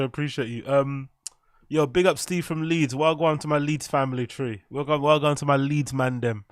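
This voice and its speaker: English male streamer, crude banter, mid-pitched voice, dry close sound. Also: fairly even intonation, moderate pace, dry recording. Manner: crude, joking, shout-outs to chat. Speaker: live streamer. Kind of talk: casual live reaction stream.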